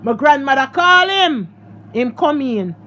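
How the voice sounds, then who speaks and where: A woman's voice: high voice, animated, measured pace, pushed and bright, slight background noise. A woman with a Jamaican accent telling a personal story to her social media followers, emotional and repeating herself, often calling them guys. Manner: emotional, repetitive, addresses viewers as guys.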